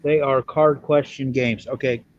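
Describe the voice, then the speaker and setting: A man's voice: medium pitch, fairly even intonation, unhurried, highs cut off, a little hiss or hum. A man from Ireland hosting a casual livestream chat, blunt and self-mocking in how he talks. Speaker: livestream host.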